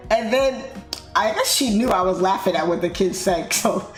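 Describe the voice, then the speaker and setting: Woman host, giggly chatty storyteller, slangy, roomy sound with soft music behind. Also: mid-range voice, animated, moderate pace. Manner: laughing storyteller, loose slangy talk. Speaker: trading livestream host. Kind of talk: casual chat while trading.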